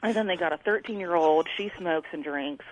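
A woman's voice: lowish voice, fairly quick. A woman calling in, animatedly telling a story and acting out her neighbors' lines. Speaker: caller. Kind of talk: casual storytelling on a call. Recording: tinny phone line.

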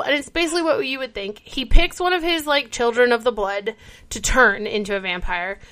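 A woman co-hosting a casual chat, retelling a TV episode with lively storytelling and acted-out quotes. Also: a little high, brisk. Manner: animated storytelling, acts out character quotes. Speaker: podcast co-host.

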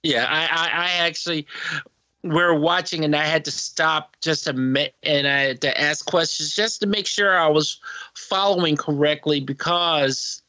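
A man's voice: on the high side, pushed and bright, no room sound, dull audio. A man co-hosting a podcast, speaking casually and hesitantly, with frequent laughs. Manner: hesitant, halting, laughs often. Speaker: podcast co-host. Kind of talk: casual chat.

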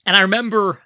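A man telling stories about raising his child, animated and full of restarts, acting out quoted voices. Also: high-pitched, no echo, clean studio sound. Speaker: parent telling family stories. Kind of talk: casual storytelling conversation.

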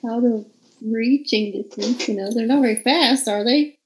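A woman joins a tabletop game with a high voice and playful energy. She talks casually and jumps in eagerly. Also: normal speed, poor audio. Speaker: player. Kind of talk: casual tabletop role-play.

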